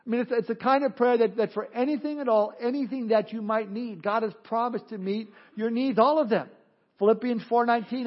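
Male pastor, high-pitched, emphatic sermon delivery, muffled lo-fi audio. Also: a little fast. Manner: earnest, emphatic, repeats words in restarts.

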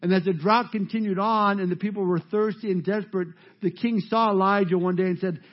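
Emphatic high-voiced preacher, muffled audio. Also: male voice, steady tone, fairly quick, hardly any pauses. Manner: emphatic, rising to loud peaks. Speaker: pastor. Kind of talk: sermon.

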